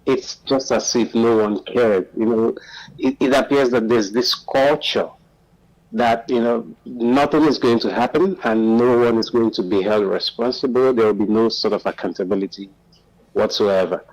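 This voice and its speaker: Male caller from Nigeria, passionate and emphatic, mid-pitch. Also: moderate pace, a little mellow, highs cut off. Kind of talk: phone-in football commentary.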